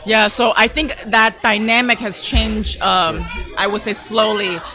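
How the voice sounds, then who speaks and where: A woman's voice: medium pitch, steady tone, measured pace, music in the background. A woman from Taiwan, a Mandarin teacher speaking as a guest and explaining her views at length. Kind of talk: casual interview chat.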